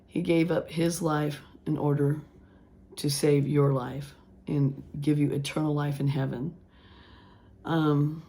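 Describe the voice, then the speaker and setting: A woman with a hoarse voice, rambling casually as she works on a craft project and later preaching earnestly. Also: sits low, dark tone. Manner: rambling, thinking aloud with restarts; earnest preaching about faith. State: hoarse, voice still gone after illness. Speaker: craft vlogger. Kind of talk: casual craft vlog talk.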